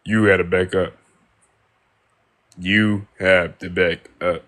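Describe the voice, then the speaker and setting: A man's voice: deep voice, little pitch movement, slow, pauses often, fairly bright tone. A young man from Ohio chatting casually with viewers on a live stream, laid-back slang, repeating himself, on a phone mic. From Ohio, United States.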